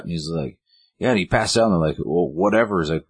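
A man's voice: low-pitched, quick pace, slightly rough, dry recording. A man casually recapping a story in a chat, acting out bits of dialogue with a raised voice. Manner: animated retelling, acting out lines of dialogue in a raised voice. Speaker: co-host recapping a game story.

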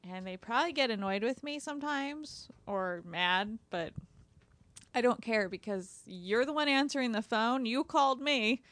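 A woman's voice: on the high side, animated, moderate pace, a bit bright, no echo. A woman speaking as a patient, talking indignantly and emphatically in casual chat.

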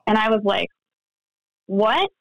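A woman's voice: fairly high pitch, normal speed, poor audio. A woman telling a personal story in a casual interview, acting out the lines of the people in it. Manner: animated, acts out quoted dialogue. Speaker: guest, friend recounting events.

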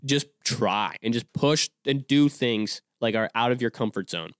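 A man's voice: mid-range voice, a little slow, clear, resonant tone, dry recording. Rambling young man, dry close sound. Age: 20s. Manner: rambling, self-correcting, many fillers and restarts. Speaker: podcast host. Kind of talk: casual solo podcast monologue.

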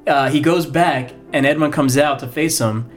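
Male co-host, casual movie chat, animated retelling, faint music under. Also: fairly high pitch, moderate pace. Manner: animated storyteller, acts out quotes. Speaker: podcast co-host. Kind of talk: casual film discussion chat.

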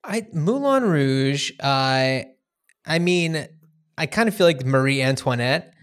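A man's voice: medium pitch, expressive, takes it slowly, fairly bright tone, clean tone. A man in a casual film chat, loose and conversational, with fillers and a curse now and then.

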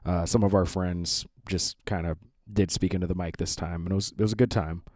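A man with a very low voice introduces his podcast in a loose, rambling way, pausing on fillers. The recording is dry and close, with no room sound. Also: no room sound. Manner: relaxed, rambling with many fillers. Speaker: podcast host. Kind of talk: casual spoken intro.

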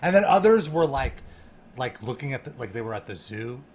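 A man telling a story in a casual chat, animated and laughing, full of fillers and restarts. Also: medium pitch, fairly quick, a crowd in the background. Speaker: guest.

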